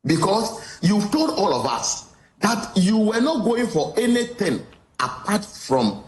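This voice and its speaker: Lively-pitched Ghanaian man, echoey room. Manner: deliberate, repeats words while explaining. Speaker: interviewee. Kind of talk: interview.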